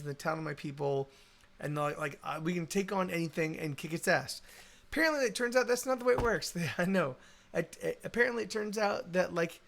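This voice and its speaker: A man's voice: high voice, creaky, a bit bright. A man musician chatting casually on a live stream, rambling with lots of restarts and swearing, with a Texan accent. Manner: rambling, swears a lot, many restarts and fillers.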